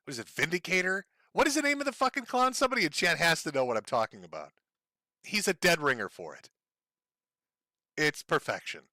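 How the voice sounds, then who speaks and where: Sarcastic, bright-voiced man hosting a stream. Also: on the high side, sing-song, fairly quick, no room sound. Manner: sarcastic, laughing, profane. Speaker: stream host. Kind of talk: mocking live-stream commentary.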